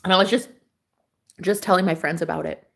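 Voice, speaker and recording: A woman's voice: on the low side, a little fast, creaky. A young woman telling a personal story in a casual, chatty way, swearing freely and acting out what others said. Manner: animated, chatty, swears freely, acts out quoted voices.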